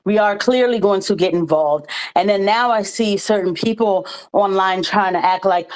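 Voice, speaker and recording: A woman speaking on a live audio panel, angry and emphatic, ranting in a fast-flowing rush. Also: medium pitch, low-quality recording.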